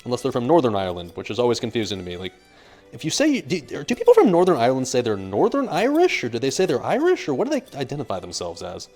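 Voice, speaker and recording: A man's voice: medium pitch, huge pitch swings, fast talker, a little mellow. A young American man cooking on a live stream, rambling and joking as he reads chat aloud. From United States. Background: faint music.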